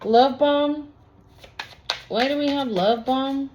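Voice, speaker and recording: A woman's voice: sits high, takes it slowly, noisy background. A woman doing a casual tarot reading, talking bluntly with slang and profanity. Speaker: tarot reader. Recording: lo-fi recording.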